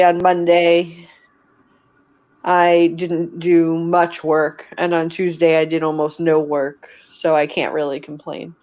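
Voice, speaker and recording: A woman's voice: fairly low pitch, darkish tone. A woman chatting casually on a stream, telling rambling anecdotes with frequent laughter and fillers. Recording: slightly dull lo-fi sound.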